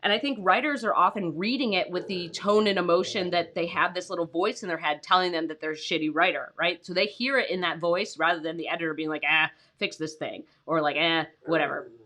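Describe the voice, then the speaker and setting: A woman's voice: lowish voice, fast, hardly any pauses, a bit bright. A woman in her thirties coaching freelance writers on a casual livestream from home, talking loosely with lots of fillers and greeting viewers by name. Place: home, with her dogs nearby.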